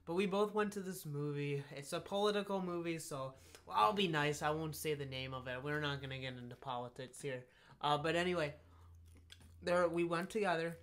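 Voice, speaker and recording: A young man co-hosting a casual podcast, relaxed and joking, sometimes tripping over his words. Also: a little high, a little fast. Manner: relaxed, joking, a little tongue-tied. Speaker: podcast co-host. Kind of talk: casual chat. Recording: faint background noise.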